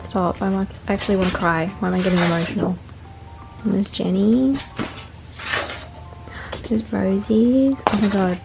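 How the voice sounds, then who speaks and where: A young woman vlogging at home, gushing excitedly through an unboxing with lots of exclamations. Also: mid-range voice, creaky. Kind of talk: casual unboxing vlog. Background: soft background music.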